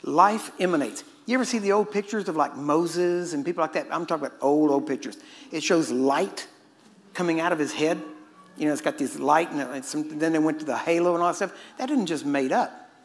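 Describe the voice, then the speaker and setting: A middle-aged preacher from Texas, delivering a sermon in a fast, joking, conversational way. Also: male voice, fairly high pitch. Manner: fast-talking and joking with the audience.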